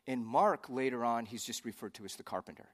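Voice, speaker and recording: A man's voice: mid-range voice, brisk, long reverb tail. A man pastor preaching a sermon in a conversational way, with joking asides.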